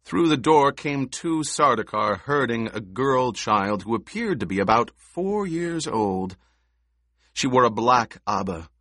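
A man reading an audiobook in a measured, expressive manner, recorded close to the mic. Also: on the low side, dry recording. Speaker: audiobook narrator. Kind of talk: scripted narration.

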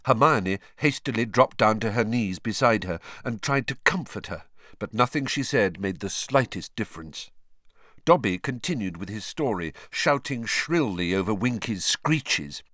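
A man narrating an audiobook in an expressive storytelling manner. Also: lowish voice, normal speed, no echo, clean studio sound. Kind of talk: scripted narration.

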